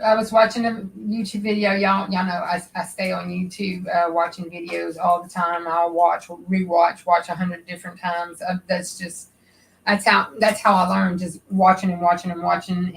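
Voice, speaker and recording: A woman talks her way through a sewing project on a livestream, nervous and rambling, full of fillers and restarts. Her voice has a gravelly edge at mid pitch. A faint hum sits behind her. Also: poor audio. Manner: chatty, rambling, thinking aloud with many fillers. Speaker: livestream host crafting. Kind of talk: casual livestream chat while sewing.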